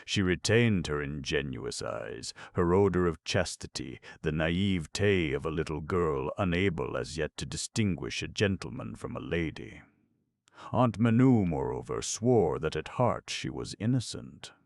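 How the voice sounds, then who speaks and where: Brief: male audiobook narrator, measured and expressive, deep gravelly voice, dry close recording. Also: no room sound. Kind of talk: scripted narration.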